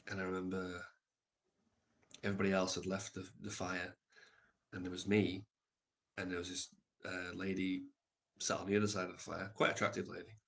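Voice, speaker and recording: A man live streaming, telling a reflective story in a soft, halting way with many pauses. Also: low-pitched, monotone, creaky.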